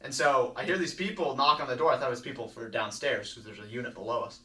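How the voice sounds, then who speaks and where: A young man co-hosting a casual studio chat, telling a story in a lively way. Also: medium pitch, quick pace. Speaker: co-host. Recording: slightly distant mic, faint noise.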